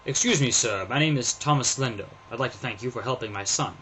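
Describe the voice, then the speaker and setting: A man's voice: medium pitch, quick pace, fairly bright tone, a little hiss or hum, natural voice, low-quality recording. A man voicing a polite, protective village father who speaks earnestly.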